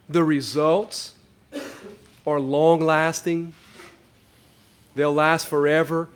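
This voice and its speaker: A man's voice: fairly high pitch, slow pace, pauses often. A man speaking earnestly at a school board meeting, advocating for children in formal remarks.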